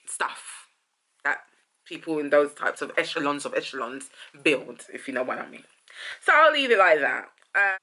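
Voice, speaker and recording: A woman's voice: lowish voice, sharp tone. A woman hosting a casual song commentary, thinking aloud, rephrasing and trailing off as she muses. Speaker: host.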